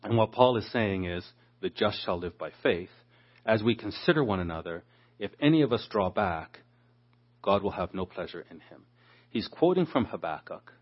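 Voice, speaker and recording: Teaching from the Bible verse by verse, a man whose voice is on the low side, with lively intonation and a moderate pace, expounds the passage and performs the voices of those he quotes. It's captured with dull, lo-fi sound.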